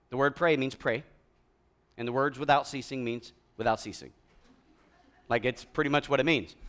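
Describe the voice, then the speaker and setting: A man preaching a conversational sermon, moving from hushed, slow passages to loud, emphatic ones. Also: sits high. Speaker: pastor.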